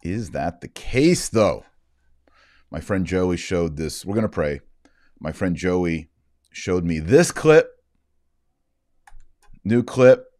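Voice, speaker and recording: A man's voice: sits low, animated, slow pace, long pauses, darkish tone, no room sound, clean studio sound. A man from Texas, hosting a casual show and commenting on video clips in a chatty, joking way. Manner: chatty, joking, with fillers and asides. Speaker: host.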